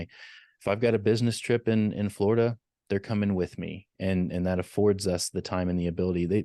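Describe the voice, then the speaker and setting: A man guesting on a podcast with a very deep voice, recorded dry and close. He speaks in a measured, matter-of-fact way. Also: mellow, no room sound. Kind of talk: casual podcast conversation.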